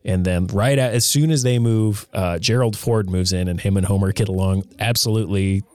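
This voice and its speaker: A man's voice: lowish voice, fairly quick, darkish tone, dry recording. A young man co-hosting a casual podcast chat, rambling as he retells scenes. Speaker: podcast co-host.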